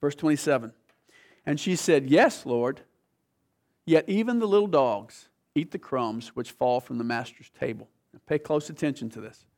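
Retelling a story from scripture in his sermon, this preacher is animated and lively, voicing each character. At a normal speed, he occasionally drops into hushed, dramatic lows.

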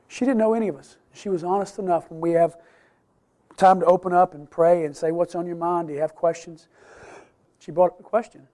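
A middle-aged man teaching a Sunday school class on the Bible, earnest and emphatic, slowing down to stress key words. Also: sits high.

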